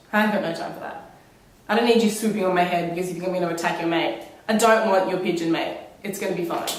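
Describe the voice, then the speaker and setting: A young woman vlogging at home while sick with a cold, coughing now and then, talking in a sarcastic, dramatic, rambling way. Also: lowish voice. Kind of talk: casual vlog monologue. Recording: very echoey room, mic far off.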